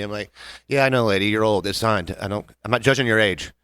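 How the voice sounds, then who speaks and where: A man co-hosting a casual podcast, telling bar stories in a quick, animated way and acting out his customers. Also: medium pitch, no room sound, studio quality. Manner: animated, fast-talking, acts out customers in quick voices. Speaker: podcast co-host, bartender. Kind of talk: casual chat.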